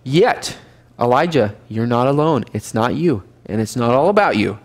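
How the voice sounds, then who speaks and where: A man's voice: medium pitch, lively intonation, normal speed. A man teaching a Bible study class, reading scripture aloud and explaining it in a conversational way, asking the class questions.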